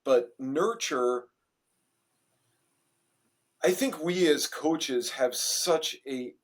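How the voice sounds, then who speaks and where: A man hosting a podcast who is also a coach, talking thoughtfully in a casual interview with many halting restarts. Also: on the high side.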